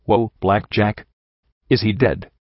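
A man's voice: fairly low pitch, unhurried, no room sound. Man voicing a callous, eager mare guard. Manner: keen, offhand. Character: eager young female pony guard, callous. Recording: dull dry recording.

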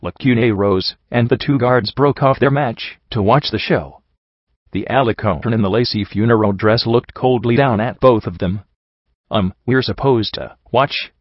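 A man reading a story aloud in steady, measured first-person narration. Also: medium pitch, dry recording, dull audio. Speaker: audiobook reader.

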